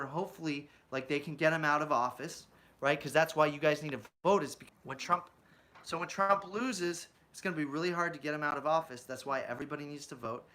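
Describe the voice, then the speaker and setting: Bright-voiced man ranting about politics. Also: fairly high pitch. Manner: ranting, asks rhetorical questions, often adds "right?"; mocks opponents with put-on quotes. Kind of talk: political commentary vlog.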